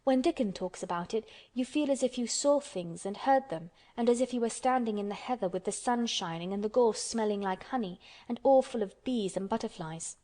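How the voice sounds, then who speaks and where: A woman's voice: fairly high pitch, brisk, few pauses, mellow, lightly acted. A woman voicing a blunt, stubborn young orphan girl who speaks earnestly in a storybook. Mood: eager. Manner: earnest, contrary storybook telling.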